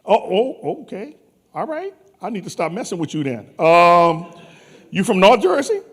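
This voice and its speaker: A lively, husky-voiced man from New Orleans hosts a conference from the stage. His voice sits high and swings widely as he trades playful banter with the audience, ribbing the crowd with quick, teasing jokes.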